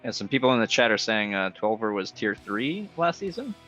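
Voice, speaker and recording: A man's voice: lowish voice, big pitch swings, a little fast, fairly bright tone, soft background music. A man co-hosting a game league stream, joking and reading out comments from the chat. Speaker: co-host.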